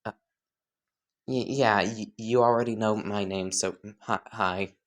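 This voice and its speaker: A man's voice: lowish voice, fairly even intonation, unhurried, close to an everyday voice. A man doing a stuttering, skittish young demon. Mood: flustered. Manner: timid, hesitant.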